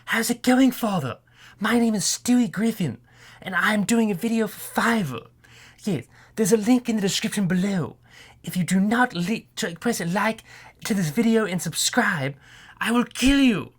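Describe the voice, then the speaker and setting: High, squeaky cartoon baby boy, pompous and menacing, grand threats. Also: lively intonation, moderate pace, breathy edge. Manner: haughty, theatrical threats.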